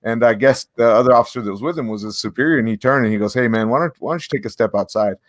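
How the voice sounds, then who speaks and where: A man co-hosting a podcast, telling a personal story in a relaxed, rambling way. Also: medium pitch, very fast, no room sound, clean studio sound. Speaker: podcast co-host. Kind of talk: casual podcast discussion.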